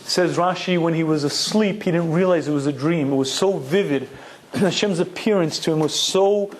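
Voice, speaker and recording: Male lecturer, Torah class, higher voice, emphatic, asks and answers his own questions. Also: normal speed. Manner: emphatic, rhetorical questions, Hebrew terms. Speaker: Torah teacher.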